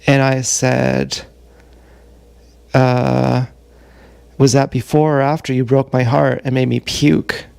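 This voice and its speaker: A man livestreams a rambling confessional story in a gravelly, creaky voice at an ordinary pitch. He talks bluntly and profanely, stalling often on fillers. He is recorded on an action camera. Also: level tone, slow, long pauses, a little mellow, no room sound.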